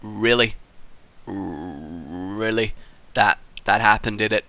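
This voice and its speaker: A young man giving excitable, jokey let's play commentary as he plays through puzzle maps, yelping and shouting when he fails. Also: lowish voice, takes it slowly, slight background noise. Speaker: gaming YouTuber.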